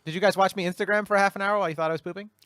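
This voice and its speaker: A man guesting on a comedy podcast, excitable and playful, acting out little quotes. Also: high voice, very fast, no room sound, clean studio sound. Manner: excitable, says dude, acts out quotes. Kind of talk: casual comedy podcast chat.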